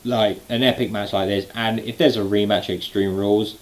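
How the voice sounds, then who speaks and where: A young man talks through a live show he has just seen, rambling and excited, with plenty of ums and uhs. His voice sits a little low for a man. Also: a little fast, poor audio. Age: late 20s. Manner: excited, rambling with many fillers. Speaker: wrestling fan vlogger. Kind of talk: casual event recap.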